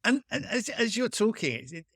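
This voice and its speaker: A man's voice: high voice, big pitch swings, normal speed, fairly bright tone, dry recording, clean studio sound. A man hosting a podcast, thinking aloud and probing his guest with musing, restarting questions. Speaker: podcast host. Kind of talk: casual interview conversation.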